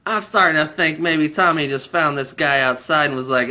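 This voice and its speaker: A man's voice: fairly high pitch, normal speed, few pauses, pushed and bright. A young man giving a comedic spoiler review of a film, incredulous and mocking, often breaking into laughter. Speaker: movie reviewer.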